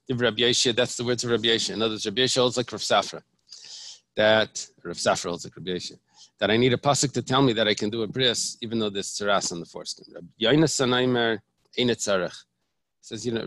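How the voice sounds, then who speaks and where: A rabbi teaches a Talmud lesson, walking through each point step by step, often restarting and repeating phrases while mixing in Hebrew terms. His voice sits on the low side with a slightly bright quality, and there is no echo.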